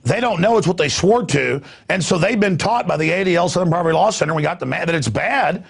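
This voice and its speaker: Gravelly, raspy-voiced male talk host. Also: sits high, expressive, fast talker. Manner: emphatic, restarts and stammers when worked up. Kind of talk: talk radio interview.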